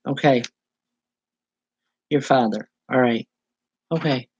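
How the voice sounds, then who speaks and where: A woman medium giving a live spiritual reading to viewers, speaking in halting, repeated phrases with soft reassurance. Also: rumbling low, slightly rough, dry recording, lo-fi sound. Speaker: psychic medium.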